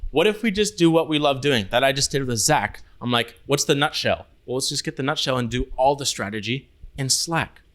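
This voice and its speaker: A man co-hosts a laid-back podcast and rambles through his stories in a casual chat. He leans on "like" and drops swear words freely. His voice sits at an ordinary middle pitch. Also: animated, a little fast, fairly bright tone. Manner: loose, swearing storyteller, heavy use of "like". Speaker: podcast co-host.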